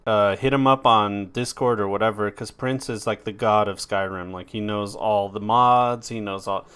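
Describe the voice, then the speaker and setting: A man's voice: on the low side, steady tone, normal speed, a bit bright, clear, resonant tone. A man hosting a podcast, chatting casually and rambling with lots of filler words and the odd swear. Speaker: podcast host. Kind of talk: casual chat.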